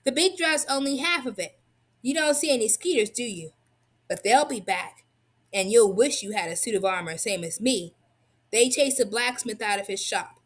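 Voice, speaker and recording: A woman's voice: a little high, moderate pace, close to an everyday voice. A woman voicing a scheming, greedy male farmer neighbor who talks in a sly, folksy, taunting way in a storybook reading.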